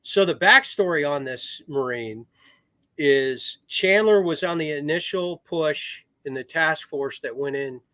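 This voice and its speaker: A man's voice: a little high, a little slow, sharp tone, no echo. A middle-aged man, a retired Marine officer, telling rambling war stories in a casual podcast chat. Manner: rambling war stories with restarts, acts out quoted voices. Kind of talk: casual storytelling.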